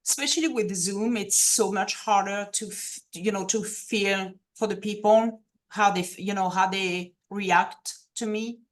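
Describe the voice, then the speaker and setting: A woman's voice: medium pitch, fairly even intonation, unhurried, few pauses. A woman with a French accent, speaking hesitantly with many fillers, asking for advice on a video call. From France. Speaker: group participant. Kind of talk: casual group chat on a video call.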